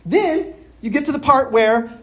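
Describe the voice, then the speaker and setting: A woman preaching a teaching sermon, her pitch moving a lot as she explains. She walks her listeners through the text and checks in with them through questions. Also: lively intonation, a bit bright. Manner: explanatory, asks the audience questions; spells out Greek words slowly. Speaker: pastor.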